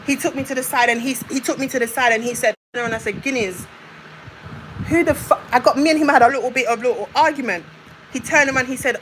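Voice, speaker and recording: A woman's voice: high-pitched, quick pace, a bit bright, a little hiss or hum, poor audio. A young woman on a live stream, ranting in a confrontational way and hammering her points home with repetition. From United Kingdom. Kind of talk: heated live-stream rant.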